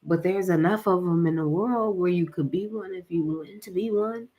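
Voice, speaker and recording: A woman's voice: on the low side, normal speed, warm tone. A young woman, tired from a workout, hosting a casual spiritual livestream, rambling with lots of fillers and slang. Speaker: livestream host.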